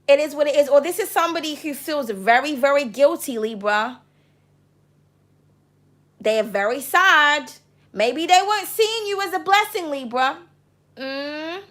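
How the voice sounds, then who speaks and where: A high-voiced woman runs a tarot reading to camera. She talks with passion and no sugarcoating, swearing freely as she lays out the cards. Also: unhurried, pauses often, fairly bright tone. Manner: passionate, blunt and profane. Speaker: tarot reader.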